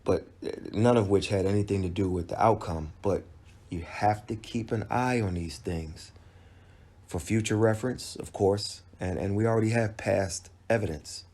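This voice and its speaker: A man's voice: fairly low pitch, normal speed, darkish tone. A man giving a casual boxing fight recap as a channel host, conversational and emphatic, often restarting his sentences. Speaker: boxing commentator. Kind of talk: casual video commentary.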